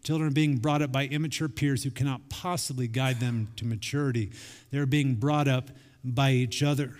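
A man's voice: mid-range voice, fairly even intonation, moderate pace, darkish tone. A man in his forties preaching a sermon in a conversational way, acting out quoted family dialogue. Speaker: pastor. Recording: long reverb of a large hall.

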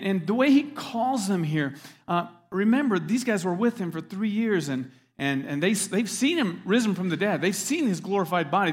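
A man preaching a sermon as a pastor, earnest, repeating words as he stresses his points. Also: high-pitched. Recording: long hall reverb.

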